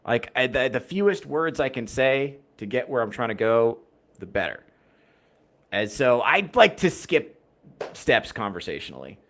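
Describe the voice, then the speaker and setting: A man's voice: mid-range voice, big pitch swings, moderate pace, a bit bright. A man hosting a casual livestream podcast, rambling through viewer chat in a wry, profane way. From United States. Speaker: podcast host reading chat.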